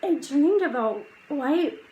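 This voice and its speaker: A woman reading aloud, voicing a young girl who mutters softly as if half awake. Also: high voice, lively intonation, slow, a little hiss or hum, pitched above the performer's own voice, rough recording. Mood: dazed. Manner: soft and mumbling. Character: young girl, dazed and sleepy.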